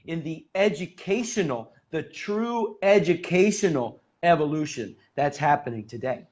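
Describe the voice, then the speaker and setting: A male interview host talks slowly and emphatically, lingering on words of praise. His voice sits somewhat high, and the sound is dull and lo-fi. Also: lively intonation, a little mellow. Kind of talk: interview conversation. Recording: dull lo-fi audio.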